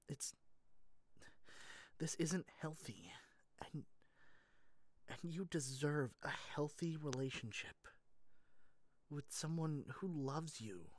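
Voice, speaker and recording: Guy doing a whispered role-play, slow and halting, soft voice, super dry close mic. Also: mid-range voice, no room sound. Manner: soft, hesitant, halting with restarts. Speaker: ASMR role-play voice actor.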